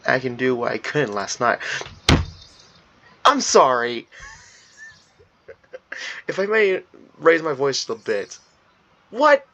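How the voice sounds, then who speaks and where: A man's voice: mid-range voice, vocal fry, a bit bright. A man reading a visual novel aloud with playful commentary, often laughing at himself.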